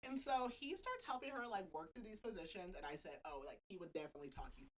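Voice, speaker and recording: A woman's voice: fairly low pitch, animated, quick pace, a little hiss or hum, low-quality recording. A young adult woman hosting a podcast, recapping a novel in casual chat, laughing often and leaning on "like" as filler. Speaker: podcast host.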